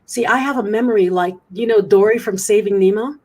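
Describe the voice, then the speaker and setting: A woman's voice: medium pitch, a little fast, darkish tone. A middle-aged woman, a guest on an interview show, candidly recounting a personal story with frequent restarts. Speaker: guest speaker.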